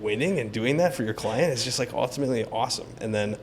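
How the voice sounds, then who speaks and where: Realtor guest, man, mid-pitch, lively storyteller acting out voices, faint hiss behind. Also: fast. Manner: animated, acts out quoted dialogue. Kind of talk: casual interview storytelling.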